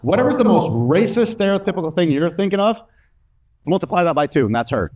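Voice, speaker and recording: A man's voice: sits high, sing-song, quick pace, a little mellow, no room sound. A man from Mexico in his thirties doing a stand-up comedy set, loose and profane, often laughing at his own jokes.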